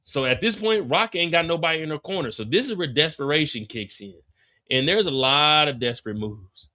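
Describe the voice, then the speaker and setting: A man hosting a casual TV after-show recap, animated and slangy, acting out the scenes. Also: fairly high pitch, fairly quick. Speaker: YouTube after-show host.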